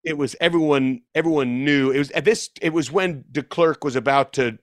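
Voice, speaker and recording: A man's voice: a little high, moderate pace, dry recording, studio quality. A man in his fifties telling a long story in casual conversation, rambling and correcting himself, laughing as he goes. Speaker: guest musician.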